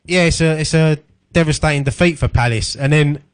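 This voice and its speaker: A man with a Cockney accent chats casually about football as a radio co-host. His voice sits a little higher than most men's. He keeps things easygoing and jokey. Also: brisk, smooth.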